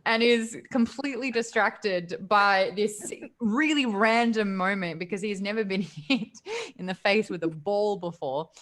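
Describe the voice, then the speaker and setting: A woman with an Australian accent narrating a tabletop game as game master, laughing often as she goes. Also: mid-range voice. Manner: giggly, lively narration.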